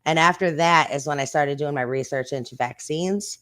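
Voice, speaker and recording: A woman's voice: low-pitched, fairly bright tone. Blunt, rambling woman streamer chatting casually. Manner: rambling and blunt, swears freely, with quick bursts. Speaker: streamer and channel host. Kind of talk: casual live-stream chat.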